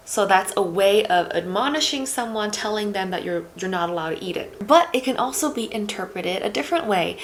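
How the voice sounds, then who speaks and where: A woman's voice: medium pitch, moderate pace, a little hiss or hum. Chatty woman teaching Korean. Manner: chatty, with many fillers like "you know" and "like". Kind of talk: casual explanatory lesson.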